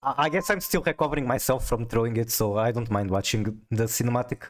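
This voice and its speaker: A man's voice: medium pitch, fast talker, a little hiss or hum. A man streaming a card game, chatting casually with viewers, often stammering as he restarts sentences. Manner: chatty, stammers on restarts, reads chat aloud. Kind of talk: casual live-stream chat while playing a card game.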